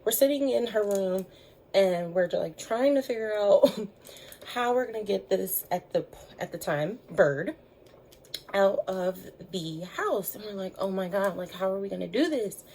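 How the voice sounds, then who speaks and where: A woman's voice: mid-range voice, animated, measured pace, gravelly, a little mellow, rough recording. A young woman telling a story in a chatty vlog, with lots of fillers, voicing the people she quotes. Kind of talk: casual storytime chat.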